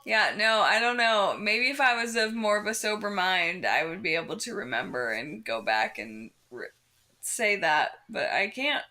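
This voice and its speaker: Drunk young woman, bright, sarcastic. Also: mid-range voice, very animated, normal speed. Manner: dry, sarcastic quips. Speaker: podcast co-host. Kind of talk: casual chat.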